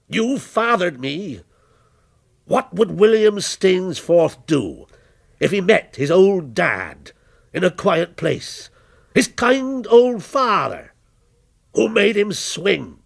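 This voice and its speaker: A man voicing a menacing policeman who taunts slowly and coldly, in a spoken story reading. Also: on the high side, very animated, gravelly, husky, exaggerated voice. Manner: slow, cold, taunting. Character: menacing male policeman, a vengeful character come alive.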